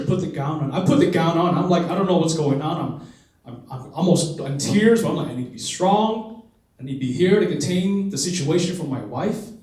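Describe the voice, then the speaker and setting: A man's voice: fairly high pitch, a little mellow. A man presenting at a conference, telling a personal story in an earnest, emotional way. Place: conference hall. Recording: echoey hall from far off.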